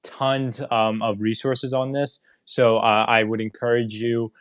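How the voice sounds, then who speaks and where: A man's voice: medium pitch, little pitch movement, a little slow, smooth, no room sound, studio quality. A man giving a live online training on digital marketing, explaining step by step with frequent fillers and restarts over a video call.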